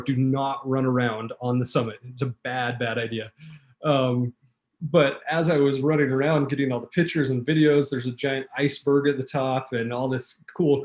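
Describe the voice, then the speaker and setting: A man telling a vivid personal story as a talk show guest, acting out quotes, with fillers and restarts. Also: mid-range voice. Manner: animated storyteller, acts out quotes.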